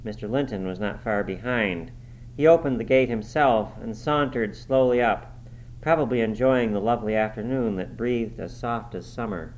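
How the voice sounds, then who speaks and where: Low-voiced man reading a novel aloud. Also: a little mellow, slight background noise, rough recording. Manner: measured, dramatic storytelling. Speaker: audiobook reader. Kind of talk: first-person novel narration.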